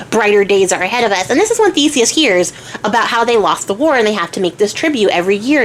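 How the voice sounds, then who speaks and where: A woman's voice: mid-range voice, a little hiss or hum. A young woman retelling a myth in a casual, slangy way, swearing and acting out the characters' lines. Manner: slangy, chatty, swears, acts out voices. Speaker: storyteller.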